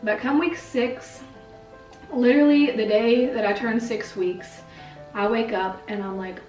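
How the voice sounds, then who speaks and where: A woman's voice: on the high side, steady tone, measured pace, a little mellow, recorded from a distance. A woman in her twenties chatting candidly to camera at home, with lots of "like"s. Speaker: vlogger. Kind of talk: casual chat to camera. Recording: echoey room, a little off-mic, faint music.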